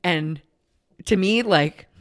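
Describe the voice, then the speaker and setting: Female podcast co-host, slightly low voice, casual and rambling, heats up on pet peeves. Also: takes it slowly. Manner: chatty, lots of "like" fillers, animated when ranting. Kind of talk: casual chat. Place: podcast studio.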